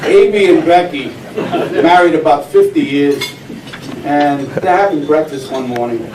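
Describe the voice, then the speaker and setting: A man's voice: fairly high pitch, a little slow. A man telling jokes to a small audience in a folksy storyteller's way, putting on the voices of his characters. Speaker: joke teller. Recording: echoey room, mic at a distance, noisy.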